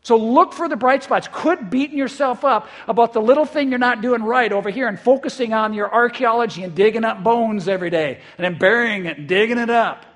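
A man with a notably high voice, preaching like a pastor in easy, conversational talk. He gets caught up in his points and stumbles over repeated words as his enthusiasm runs ahead. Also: brisk, hardly any pauses. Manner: lively, repeats words when excited. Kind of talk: conversational sermon. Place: church in eastern South Dakota.

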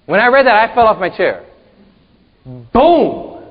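A man co-hosting a church discussion show, giving an emphatic teaching talk with punchy, animated delivery and rhetorical asides. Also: high-pitched, fast talker. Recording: roomy long reverb, dull lo-fi sound.

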